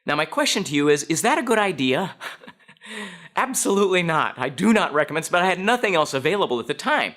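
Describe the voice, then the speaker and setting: A man speaks to an audience with a bright, crisp edge, his pitch swinging widely as he tells his story. He often turns to his listeners with direct questions. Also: very animated, a little fast.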